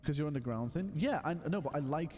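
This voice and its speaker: A young man giving playful, excitable live commentary while streaming a game, full of loud exclamations and silly voices. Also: on the high side, fast, big-room sound, a little hiss or hum.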